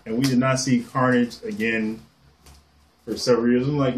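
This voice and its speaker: A man casually showing off his comic collection on camera, rambling excitedly and swearing casually as he goes. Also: medium pitch, moderate pace. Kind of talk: casual show-and-tell.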